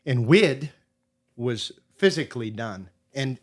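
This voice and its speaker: A middle-aged man from Maine, a podcast guest telling a casual hunting story in an animated way and acting out what people said. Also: mid-range voice, takes it slowly. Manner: animated storyteller who acts out quotes.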